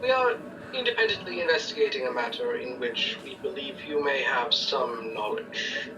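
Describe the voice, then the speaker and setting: Dude playing a stiff polite noble adventurer, kinda far off mic with noise. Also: male voice, medium pitch, lively intonation, moderate pace, natural voice. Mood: courteous. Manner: formal, wordy, courteous. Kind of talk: tabletop role-play.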